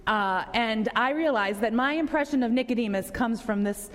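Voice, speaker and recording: A woman's voice: a little high, normal speed, in a large hall. A woman pastor giving a conversational sermon to a congregation, asking them questions.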